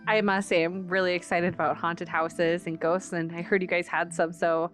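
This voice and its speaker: A woman's voice: fairly low pitch, little pitch movement, moderate pace, voice pushed down, close to an everyday voice. A woman playing a coy, flirtatious mouse servant. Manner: coy, playful. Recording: faint fantasy music behind.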